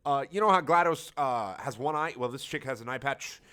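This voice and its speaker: Sarcastic young man, exasperated and bright. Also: mid-range voice, fairly quick, clear, resonant tone. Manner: sarcastic, exasperated, swears a lot. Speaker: reader of a fan story. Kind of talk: comedic dramatic reading.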